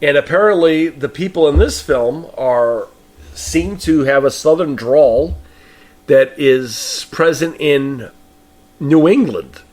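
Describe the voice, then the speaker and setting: A man's voice: a little high, slow pace, a little mellow. Opinionated man. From Boston. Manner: opinionated, rambling, frequent restarts. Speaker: podcast host. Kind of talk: film review monologue.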